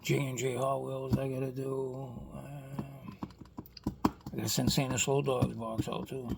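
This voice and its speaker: Gravelly Boston-accented man rambling. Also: medium pitch, little pitch movement, a little slow, heavy background noise. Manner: rambling, chatty, frequent "you know what I mean". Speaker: toy car customizer vlogger. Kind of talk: casual rambling vlog chat.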